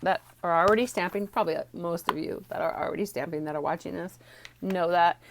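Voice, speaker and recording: A woman teaching a stamping card class from home, chatty and rambling with many ums, a little out of breath, recorded on a phone on a small tripod. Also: fairly low pitch. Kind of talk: casual craft tutorial.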